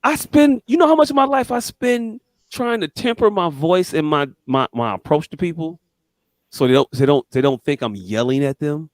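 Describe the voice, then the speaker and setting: A man co-hosting a podcast, telling stories in casual chat with lots of swearing and sudden high-pitched quoted voices. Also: moderate pace, no room sound, studio quality. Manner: animated storytelling, swearing, jumps to high voices when quoting people. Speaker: podcast co-host.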